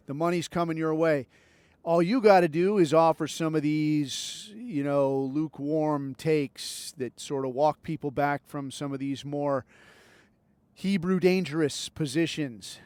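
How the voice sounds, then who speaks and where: A man's voice: a little high, darkish tone, clear, resonant tone, no echo. A man hosting his own podcast in a rambling, sarcastic, profane solo monologue. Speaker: podcast host.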